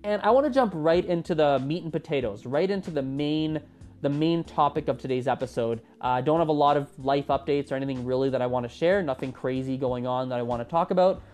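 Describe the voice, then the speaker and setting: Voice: medium pitch, fast talker, soft background music. Chatty twenties podcast host. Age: 20s. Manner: chatty and animated, with a lively rising delivery. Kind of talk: casual solo podcast talk.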